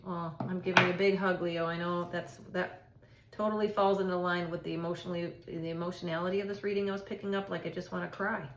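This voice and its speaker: A woman's voice: fairly low pitch, little pitch movement, fast, a little hiss or hum. A middle-aged woman doing a casual tarot reading, chatty and reassuring, thinking aloud with frequent restarts. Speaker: tarot reader. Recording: echoey room.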